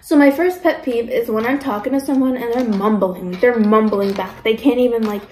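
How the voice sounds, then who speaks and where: A chatty young woman talks through a casual eating vlog and slips into other people's voices as she tells her stories. Her voice sits a little high. The room around her is noticeably echoey. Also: normal speed. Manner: chatty, animated storytelling with mimicked voices. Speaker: mukbang vlogger. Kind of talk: casual chat while eating.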